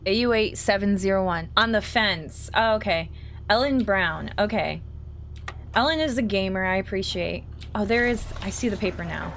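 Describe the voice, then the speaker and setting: A woman's voice: medium pitch, moderate pace, vocal fry. Woman streamer, casual playful commentary over a game, mid-range voice, faint background hiss. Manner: chatty, playful, reads game lines aloud and talks to chat.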